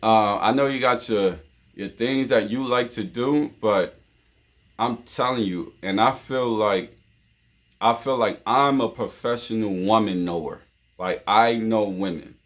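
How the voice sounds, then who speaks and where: A man's voice: fairly low pitch, a little slow, a bit bright. A man from New York hosting his own show, giving relationship advice in an informal monologue full of "you know what I'm saying" and repeated phrases. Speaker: show host.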